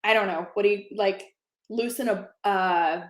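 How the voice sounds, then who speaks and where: A woman co-hosting a casual chat, a lively storyteller who acts out quoted lines. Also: medium pitch, moderate pace, roomy sound. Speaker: co-host.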